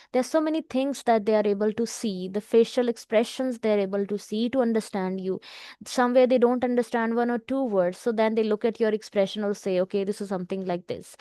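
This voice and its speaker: A woman's voice: a little high, darkish tone, clean tone, no room sound. Woman tutoring, dry sound. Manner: explanatory, frequent "you know" fillers, mixes in Hindi words. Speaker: PTE speaking tutor. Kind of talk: online lesson.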